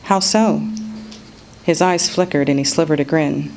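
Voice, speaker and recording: A woman reading an excerpt of her own novel aloud in a measured storytelling manner. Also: low-pitched, fairly even intonation, darkish tone, a little hiss or hum, low-quality recording. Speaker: author reading her work.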